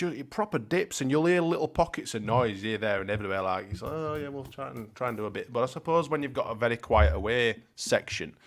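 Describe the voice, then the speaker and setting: Sweary, laughing bloke. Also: male voice, medium pitch. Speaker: podcast co-host. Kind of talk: casual football chat.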